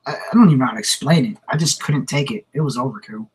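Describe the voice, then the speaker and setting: A man's voice: medium pitch, fast talker, a little mellow, a little hiss or hum, poor audio. A man, vlogging and telling a rambling personal story, repeating words and laughing as he goes. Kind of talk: casual storytelling to camera.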